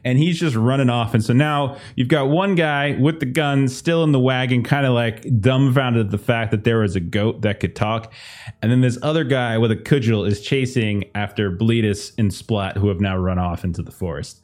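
A man's voice: medium pitch, normal speed, a little mellow. A man narrating a tabletop game as game master in a loose, chatty way. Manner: loose and chatty, often laughing.

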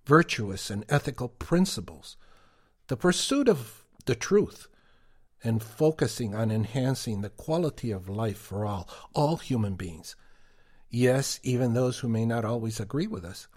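A man co-hosting a podcast, giving prepared commentary in a deliberate, emphatic way. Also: mid-range voice, lively intonation, darkish tone. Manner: slow, deliberate, emphatic delivery. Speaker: podcast co-host.

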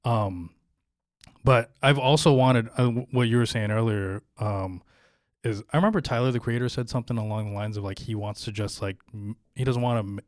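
A man's voice: medium pitch, a little fast, dry recording, studio quality. A man, a comedian co-hosting a podcast, speaking hesitantly with many ums and restarts. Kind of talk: casual podcast chat.

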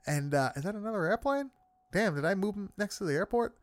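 A man's voice: sits high, lively intonation, fast talker, no echo. A man casually recapping a horror film with friends, swearing often and leaning on fillers. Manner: loose, swearing, many fillers.

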